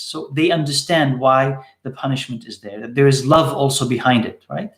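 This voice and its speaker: A man's voice: medium pitch, moderate pace, few pauses. Emphatic male teacher in a roomy space. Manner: repeats short phrases for emphasis. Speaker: Islamic teacher answering questions. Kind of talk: live Q&A teaching.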